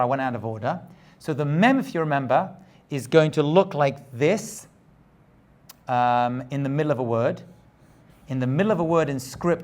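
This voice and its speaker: A man, a rabbi, giving a step-by-step lesson in a patient way, repeating points, checking in with the learner and correcting his own slips as he goes. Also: a little high. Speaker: rabbi teaching Hebrew script.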